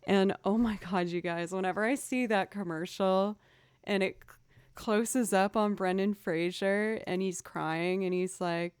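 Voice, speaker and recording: A woman's voice: medium pitch, steady tone, measured pace, clean tone, no echo, studio quality. A woman musician chatting casually with her stream viewers, rambling and drifting off into tangents.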